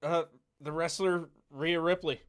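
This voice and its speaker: A man's voice: a little high, fairly even intonation, a little slow. A man co-hosting a podcast, chatting casually and laid-back, often agreeing. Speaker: podcast co-host. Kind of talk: casual banter.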